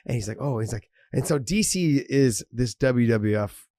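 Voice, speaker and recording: A man's voice: medium pitch, lively intonation, normal speed, warm tone, no room sound, clean studio sound. A middle-aged man co-hosting a podcast, recounting a story with amused laughter and disbelief. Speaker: podcast co-host. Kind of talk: casual podcast banter.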